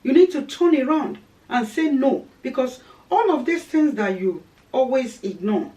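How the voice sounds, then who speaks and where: A woman's voice: high-pitched, expressive, unhurried, mellow, recorded from a distance, rough recording. A woman giving earnest, preaching-style marriage advice, repeating her key phrases for emphasis. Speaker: Christian teacher on marriage.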